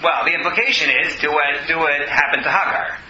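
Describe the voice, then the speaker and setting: With crowd noise around him, a man teaches a lecture on scripture, reading Hebrew verses, translating, explaining and responding to students' questions. His pitch is fairly high, his tone steady, and his pace a little fast. The audio has a dull, roomy classroom quality.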